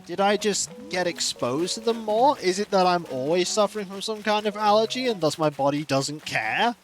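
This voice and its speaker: Animated, high-voiced male streamer. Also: normal speed, soft background music. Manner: rambling, animated storytelling. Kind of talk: casual chat while gaming.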